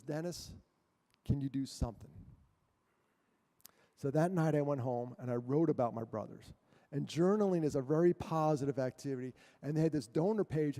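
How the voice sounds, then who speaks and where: A male guest speaker telling a personal story to a church audience, animated and self-mocking, with jokes between the serious parts. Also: on the high side. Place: church hall. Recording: long hall reverb.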